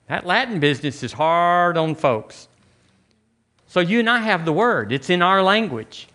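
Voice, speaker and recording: A man's voice: sits high, animated, measured pace, pushed and bright. A man preaching a sermon as pastor, in a casual, conversational way, often restarting his phrases.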